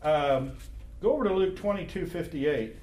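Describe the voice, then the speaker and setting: A man teaches an informal Bible class in a room with a noticeable echo. His voice sits fairly high for a man, and he keeps turning to the group with questions in a loose, conversational way. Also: moderate pace, darkish tone. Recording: echoey room.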